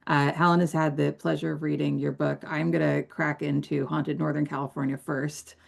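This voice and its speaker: A woman with a very low voice hosts a webinar over a video call. Her tone is heavily gravelly with vocal fry, and she wraps things up in a friendly way, dotting her speech with uhs. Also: little pitch movement, normal speed. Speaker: webinar host. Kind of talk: hosting a webinar wrap-up.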